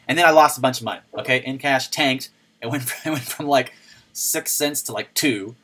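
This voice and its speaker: A man hosting a casual crypto livestream, excitable, laughing often and breaking into yells, on a turned-up microphone. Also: medium pitch, a little fast.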